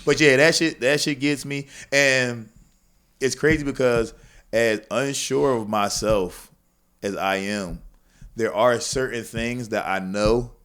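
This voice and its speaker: A man, a comedian guest, talking casually on a podcast in an animated, profane way, often acting out other people's voices. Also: medium pitch, slow pace, smooth.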